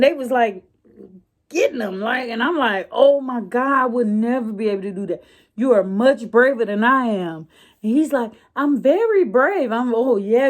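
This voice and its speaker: A woman's voice: fairly high pitch, darkish tone. A woman vlogger telling a story in a casual, chatty way, with many fillers and restarts.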